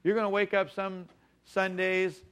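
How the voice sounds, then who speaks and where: A male pastor delivering a sermon in a voice sitting a touch above the usual male range. He hammers on key words, repeats them and slows right down on the phrases he wants to land. When he quotes other people, he drops into a lower, quieter tone. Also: monotone, smooth.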